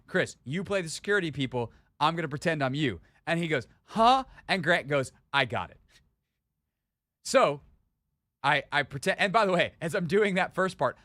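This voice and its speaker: Guy hosting sports radio, fairly high voice, dry studio sound, gets worked up telling stories. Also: no room sound. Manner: animated storytelling, rising into mock indignation. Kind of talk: casual radio chat. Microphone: studio microphone.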